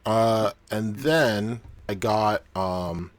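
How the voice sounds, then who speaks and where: A man co-hosting a podcast in loose, profane casual chat, laughing often, his voice coming through unusually deep on his microphone. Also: drawn-out words, no echo. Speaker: podcast co-host.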